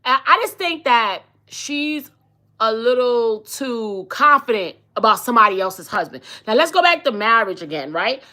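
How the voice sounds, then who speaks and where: A woman's voice: on the high side, lively intonation, moderate pace, pushed and bright. A woman in her forties hosting a podcast, giving blunt, sassy, slang-filled gossip commentary in a casual chat. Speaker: podcast host.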